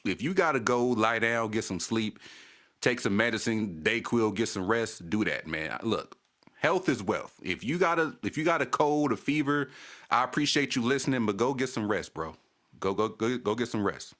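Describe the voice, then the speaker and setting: A man's voice: fairly low pitch, expressive, normal speed, a bit bright. Casting note: a male stream host in a heated, profane casual rant, repeating his points. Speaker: channel host.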